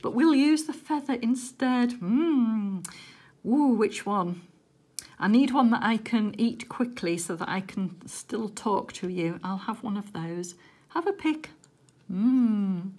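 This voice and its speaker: A woman chatting casually while she works on a diamond painting at home, with gentle, softly murmured asides. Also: mid-range voice, lively intonation, takes it slowly. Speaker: crafting vlogger.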